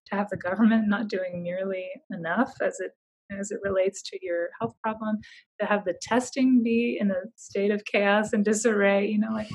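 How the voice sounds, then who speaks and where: A woman's voice: medium pitch, breathy edge, low-quality recording. A young woman telling her story in casual conversation, chatty and full of fillers, laughing often.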